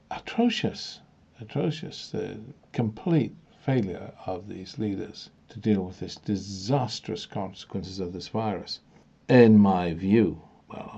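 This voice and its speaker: A man delivering an opinionated monologue, musing aloud with pauses and growing indignant. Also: lowish voice, vocal fry, dark tone, husky, dull audio.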